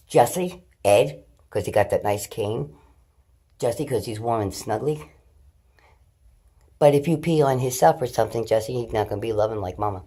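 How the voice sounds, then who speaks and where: This is a middle-aged woman's indoor home vlog, shot on a phone in her hand: loose, rambling chat to camera, plenty of swearing, and remarks to her pets. She has a rumbling low, mellow, slightly rough voice that's expressive, moving at a moderate pace with frequent pauses.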